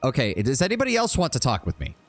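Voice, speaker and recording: A man's voice: mid-range voice, huge pitch swings, fast talker, faint music behind. A man casually commentating his game playthrough, blunt and chatty, swearing freely and reading dialogue choices aloud. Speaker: streamer. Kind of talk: casual let's-play commentary.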